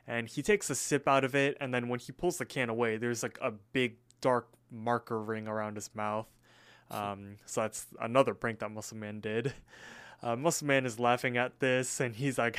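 A man's voice: medium pitch, steady tone, normal speed, a bit bright, clear, resonant tone. A man co-hosting a podcast, recapping a cartoon episode in a laid-back way, full of "he's all like" quotes. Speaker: podcast co-host.

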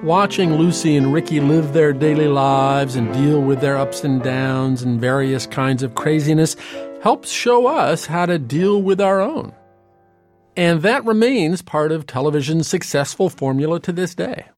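An American man narrating a documentary in a measured, reflective tone. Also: a little high, a little mellow. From United States. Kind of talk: scripted narration. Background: music.

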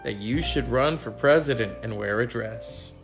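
A man doing an impression of an older male politician, drawling slowly and using pet names. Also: medium pitch, music in the background, voice pushed down, lightly acted.

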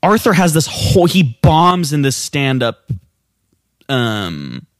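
An animated man talking through a movie in casual chat, his voice sitting a little high. The sound is dry and close, with no room around it. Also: slow pace, no echo. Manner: animated, acts out quotes in raised voices. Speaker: podcast co-host.

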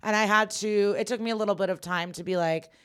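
A woman's voice: medium pitch, fast talker, clean tone. A woman who sounds New York, telling stories in a casual chat and swearing freely. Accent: New York-sounding American. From Chicago area, US. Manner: animated storyteller, swears freely.

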